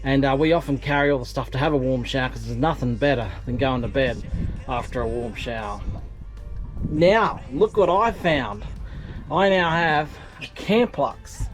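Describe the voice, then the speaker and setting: A man's voice: medium pitch, lively intonation, normal speed, soft background music. A man vlogging from his small fishing boat outdoors, chatty and self-mocking, rambling with fillers. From Australia. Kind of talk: casual vlog narration.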